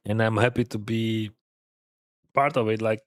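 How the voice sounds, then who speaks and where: A man's voice: on the low side, fairly even intonation, measured pace, no room sound. Man, Russian accent, casual poker-stream chatter, laughs a lot, dry close sound. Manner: laughs often, chatty, loose with grammar. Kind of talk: casual chat while playing online poker.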